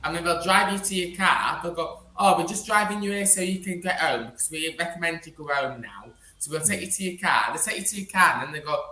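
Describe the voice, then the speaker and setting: Bright man in an echoey room. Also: fairly high pitch, brisk, a little hiss or hum. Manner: rambling, acts out police dialogue. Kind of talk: casual storytelling.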